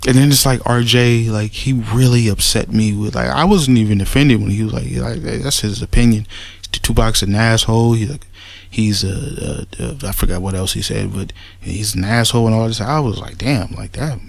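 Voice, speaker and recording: Gravelly guy ranting on a response vid, swears a lot, trips over his words, dry close sound. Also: on the low side, dry recording. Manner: blunt and profane, heated and dismissive; halting restarts, repeats words when agitated. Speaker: commentator making a response video. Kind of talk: casual spoken rant.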